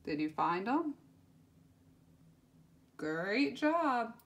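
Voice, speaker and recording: A woman's voice: fairly high pitch, very animated, very slow, lo-fi sound. A woman teaching young children, spelling out words letter by letter and repeating them in a sing-song voice with cheerful praise. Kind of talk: children's lesson.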